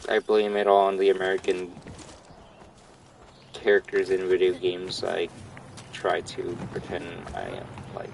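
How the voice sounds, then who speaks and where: A man's voice: low voice, a little slow, gravelly, pauses often, distant mic, very noisy. A young man from Canada, a gaming streamer, chatting casually and rambling through gameplay commentary, swearing freely.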